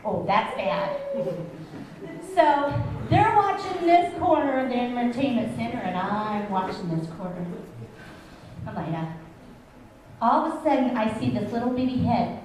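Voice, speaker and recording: A woman's voice: a little high, animated, a little slow, pauses often. A woman telling a funny story at church story time, acting out her own reactions with gasps and laughs. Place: church hall. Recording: echoey hall from far off, room noise.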